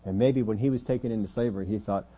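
A man preaching a sermon as pastor of a church, earnest, often dropping his voice quiet to make a point. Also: on the low side, fast, dull audio.

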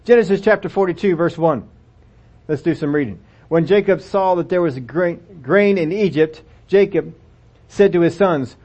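A preacher with a fairly high voice delivers a sermon, reading scripture aloud and talking it through with his listeners. He speaks conversationally and keeps asking rhetorical questions. The recording sounds dull and lo-fi. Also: normal speed, a little mellow.

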